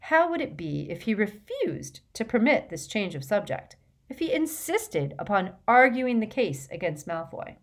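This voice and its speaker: A woman reading an audiobook with steady, expressive narration. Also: medium pitch, measured pace.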